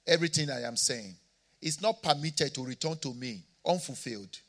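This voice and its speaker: A man with an African accent, a pastor preaching a sermon, moving between quiet asides and shouted declarations. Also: mid-range voice, lively intonation, moderate pace.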